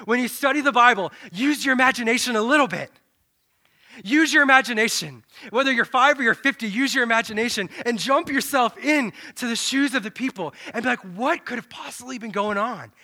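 A man preaching a sermon in an animated, dramatic way, dropping to a low hush and then swelling loud. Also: a little fast.

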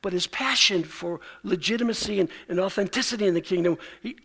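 A man's voice: high-pitched, brisk, vocal fry, fairly bright tone, breathy edge. A male pastor preaching a sermon in a conversational way, acting out the lines he quotes.

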